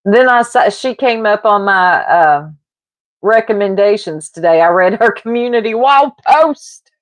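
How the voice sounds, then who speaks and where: A woman's voice: mid-range voice, expressive, measured pace, no echo. A woman livestreamer chatting casually into her mic, gossiping, rambling and laughing often as she answers chat. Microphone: streaming mic.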